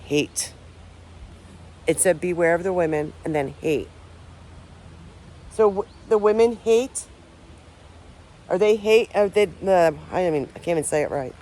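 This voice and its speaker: Slight background noise accompanies this woman's lowish, animated, dark-toned voice as she speaks unhurriedly with frequent pauses. A paranormal vlogger among the trees, she rambles casually to camera, often uncertain and restarting her sentences.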